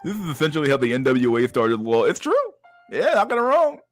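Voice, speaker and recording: A man's voice: mid-range voice, huge pitch swings, a little fast, faint music behind. A man casually commenting on memes on a livestream, profane and rambling, with frequent stammered restarts. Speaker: streamer reacting to memes.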